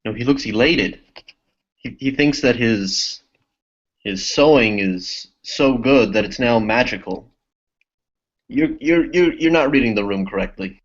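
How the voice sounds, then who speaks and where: A man's voice: mid-range voice, animated. Matter-of-fact male player, lo-fi call. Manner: matter-of-fact, quick to correct others. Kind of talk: casual in-character banter.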